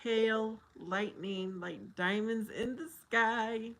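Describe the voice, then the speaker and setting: A woman hosting a casual livestream, reading viewer comments aloud slowly and laughing often. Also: on the high side, steady tone, a bit bright. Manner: slow, drawn-out reading with frequent laughter. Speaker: livestream host.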